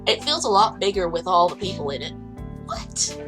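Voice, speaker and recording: Eine junge Frau liest beschwipst ein Visual Novel vor, plaudert locker, kichert viel und schweift ab. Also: female voice, mid-range voice, sing-song, quick pace, fairly bright tone, faint music behind, rough recording. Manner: giggly, rambling. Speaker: let's play host. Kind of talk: tipsy casual game reading.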